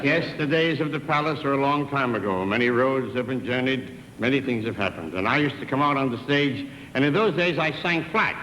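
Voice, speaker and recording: An older comedian doing a vaudeville stand-up monologue, wisecracking through one side of a phone call. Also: male voice, medium pitch, a little fast, hardly any pauses, pushed and bright, a little hiss or hum. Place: theater stage with live audience. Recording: echoey 1960s TV theater stage.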